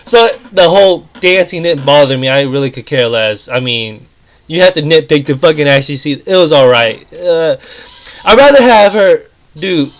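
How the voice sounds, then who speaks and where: A man with a fairly high voice rants about a film in a loose, rambling vlog. He swears freely, piles on fillers and restarts, and keeps getting more worked up. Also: fairly bright tone, poor audio. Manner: rambling, profane, grows heated. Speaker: movie review vlogger. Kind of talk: casual ranting film review.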